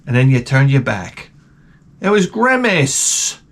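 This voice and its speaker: A man's voice: mid-range voice, slow. A middle-aged man, hosting a rambling, profane comedic monologue. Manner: rambling, profane, animated ranting. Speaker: host.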